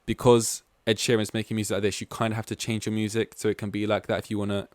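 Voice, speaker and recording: A man's voice: lowish voice, little pitch movement, fast, no room sound. A man from East London hosting a solo podcast, rambling casually and going off on tangents. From East London, England. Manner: rambling, goes off on tangents, heavy use of "like". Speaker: podcast host.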